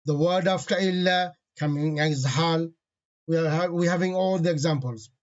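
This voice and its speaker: Male teacher, slightly high pitch, patient and repetitive, dull lo-fi recording. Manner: patient, repeats key terms slowly; reads Arabic grammar phrases quickly. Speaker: Arabic grammar teacher. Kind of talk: online grammar lesson.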